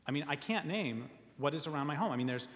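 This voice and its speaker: A man's voice: a little high, lively intonation, fast, a bit bright. Man, public talk, earnest, wry asides, filler ums, echoing hall reverb. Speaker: speaker reading from his book. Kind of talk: public talk reading premises to an audience.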